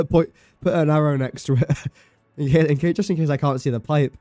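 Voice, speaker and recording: This man's fairly high, mellow voice is fairly quick with fairly even intonation, in a dry recording with faint music behind. He streams a building game in a casual, chatty way, reasoning aloud, muttering counts and sums, and being self-mocking.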